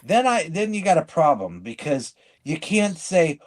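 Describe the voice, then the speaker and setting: A man with a slightly high voice talks in casual podcast chat. He is blunt and rambling, cutting himself off and restarting mid-sentence. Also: very animated, moderate pace, few pauses. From living in Michigan. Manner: rambling, blunt, self-interrupting. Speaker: podcast co-host.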